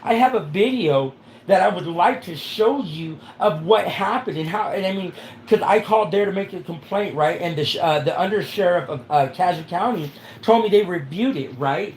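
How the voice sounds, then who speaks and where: A man's voice: sits high, expressive, moderate pace, roomy sound, a little hiss or hum, poor audio. A man making a rambling complaint to a sheriff, often asking "right?" to check he is followed.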